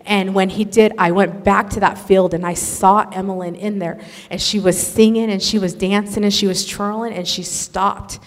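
A woman telling an emotional religious testimony in an earnest, animated storytelling manner. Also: mid-range voice, normal speed. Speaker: speaker sharing a testimony. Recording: echoey hall.

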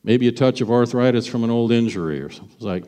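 A man's voice: medium pitch, fast talker, warm tone. Chatty male pastor in a reverberant hall. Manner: chatty, storytelling, with sudden bursts of emphasis. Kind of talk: sermon. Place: church sanctuary.

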